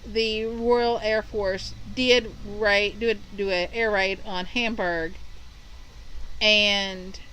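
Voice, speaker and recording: A woman from Kentucky retells a story on a podcast, wandering through it with plenty of ums. Her voice is bright and forward, with a faint hiss of noise behind it. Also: mid-range voice, steady tone, slow, low-quality recording. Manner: rambling storytelling with many ums. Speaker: podcast co-host. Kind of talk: casual storytelling chat.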